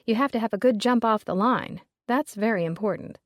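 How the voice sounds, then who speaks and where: A woman's voice: on the high side, a little fast, no echo, clean studio sound, natural voice. A woman doing a sly, wry mother. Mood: knowing. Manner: hushed, conspiratorial, dryly sarcastic. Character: shrewd wry middle-aged Southern mother. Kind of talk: audiobook character reading.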